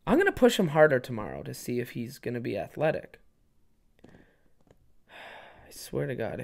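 A man's voice: mid-range voice, vocal fry, voice pushed down. A man doing a grumbling, mumbling small-town dad. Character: glum middle-aged small-town dad muttering to himself.

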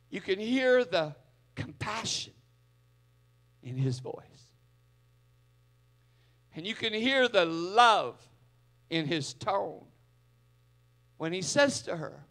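High, bright-voiced preacher, slow and dramatic. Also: male voice, big pitch swings. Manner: dramatic, swings from loud to hushed. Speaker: pastor. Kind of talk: sermon. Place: church.

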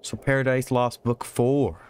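A man's voice: mid-range voice, fairly even intonation, unhurried, darkish tone, clean tone. A man casually commenting while playing a game, joking, laughing often and swearing freely. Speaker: let's play host.

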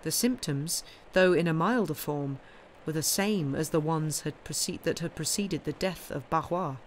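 A woman's voice: low-pitched, unhurried, a little hiss or hum. Woman narrating a classic novel. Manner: expressive, steady narration. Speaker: audiobook reader. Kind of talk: live-streamed novel reading.

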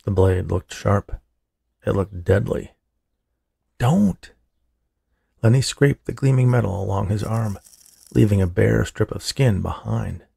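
A man reading a horror story aloud as narrator, steady and measured, with a husky, creaky voice. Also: fairly low pitch, no echo, studio quality. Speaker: audiobook narrator.

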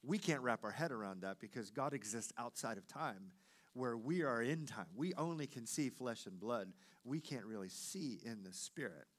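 Male pastor, sermon delivery, lively storyteller who acts out every quoted voice. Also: medium pitch, normal speed.

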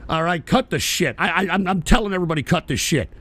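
A male talk show host ranting at his audience in a profane, combative way, often shouting. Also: on the high side, expressive, fast talker. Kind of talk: live call-in talk show rant.

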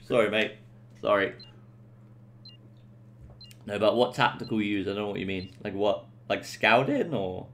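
A man's voice: fairly low pitch, moderate pace, long pauses, fairly bright tone, a little hiss or hum. A young man streaming from home, chatting casually as he plays, laid-back and jokey with plenty of swearing. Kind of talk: casual live-stream commentary.

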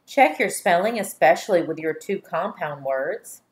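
A woman teacher giving a slow dictation lesson to young children, speaking clearly and deliberately and drawing out each syllable. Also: on the low side, expressive. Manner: clear, deliberate, spells words and stretches syllables.

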